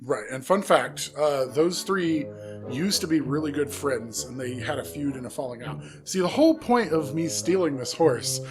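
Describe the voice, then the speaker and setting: A podcast co-host improvising an absurd comic story in casual chat, deadpan and chuckling at their own jokes. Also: medium pitch, moderate pace, over music.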